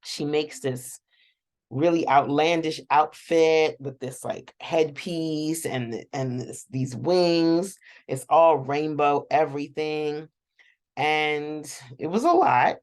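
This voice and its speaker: A woman with a low, unhurried voice rambles through a TV episode recap from her seat at home. She talks straight to her viewers and laughs often along the way. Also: darkish tone. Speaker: show reaction host.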